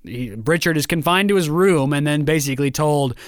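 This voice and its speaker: A man's voice: a little high, a little fast, clean tone, no room sound, clean studio sound. A man in casual conversation about a play, acting out quoted lines with animation. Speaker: podcast co-host discussing a play. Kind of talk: casual chat.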